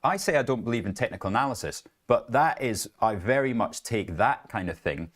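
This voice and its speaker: A man's voice: mid-range voice, lively intonation, brisk. A middle-aged man co-hosting a live trading show, conversational with jokey asides. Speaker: co-host. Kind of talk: live market commentary.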